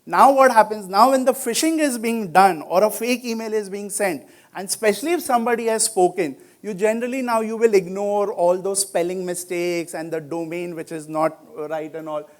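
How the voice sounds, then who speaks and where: A man with an Indian English accent speaks at a conference in a noticeably high voice. He talks loosely and conversationally, dropping in "you know" and "like" as he walks through example stories. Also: moderate pace. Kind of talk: conference talk. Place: conference venue.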